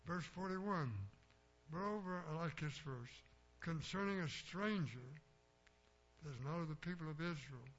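A man's voice: a little high, unhurried, fairly bright tone. An older man preaching a sermon, plainspoken and blunt, telling folksy stories from his own life. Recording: dull lo-fi recording with faint hum.

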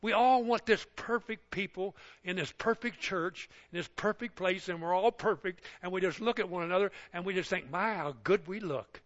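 A preacher delivers his sermon with animated flair, slipping into little acted-out scenes. His voice is bright and a little raised in pitch. The recording sounds muffled and lo-fi. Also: normal speed, hardly any pauses. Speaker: pastor.

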